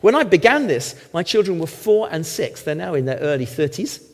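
A middle-aged man, a former lawyer, preaching a sermon with emphatic, animated teaching and frequent check-ins with the congregation. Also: a little high, brisk. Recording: long hall reverb.

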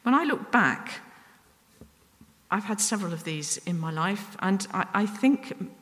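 A woman's voice: medium pitch, animated, a bit bright. Woman preaching in a reverberant hall. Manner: earnest, self-deprecating, pauses and restarts. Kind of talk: sermon.

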